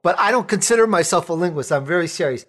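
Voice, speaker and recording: A Chicago talk show host with a high-pitched voice talks fast, chatting casually on his interview show. He's a jokey, animated storyteller spinning humorous anecdotes.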